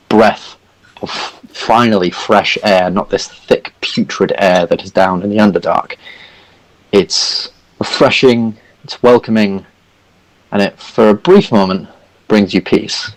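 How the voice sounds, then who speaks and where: A man's voice: lowish voice, rough recording. A man narrating a tabletop game as dungeon master, rambling and full of "sort of"s. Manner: rambling, many fillers like "sort of".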